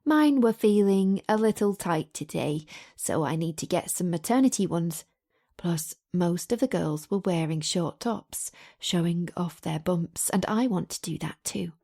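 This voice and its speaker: Mellow-voiced woman narrating an audiobook. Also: fairly low pitch, expressive, a little slow, gravelly. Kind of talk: first-person audiobook narration.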